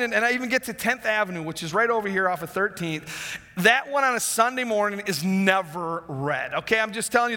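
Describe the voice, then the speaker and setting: A man preaching a sermon as a pastor, telling a personal story with lots of restarts and asides. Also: sits high. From Wisconsin, USA. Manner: animated, rambling with many restarts. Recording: long hall reverb.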